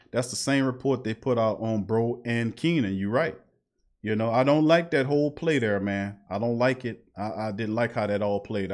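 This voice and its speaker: A man hosting a live call-in sports talk show, talking in a heated, emphatic way and repeating his points. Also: mid-range voice.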